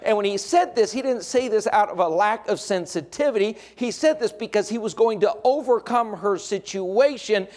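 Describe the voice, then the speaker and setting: High-voiced man preaching a sermon. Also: normal speed, few pauses. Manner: swings between hushed, intimate lines and raised, emphatic preaching; folksy asides with dry humor. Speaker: pastor.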